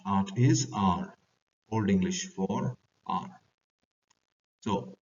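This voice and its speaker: A man's voice: on the low side, slow pace, pauses often, a little mellow. A man with an Indian accent teaching a class, reading lines from a play aloud and then explaining them in plain words. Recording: distant dull lo-fi recording.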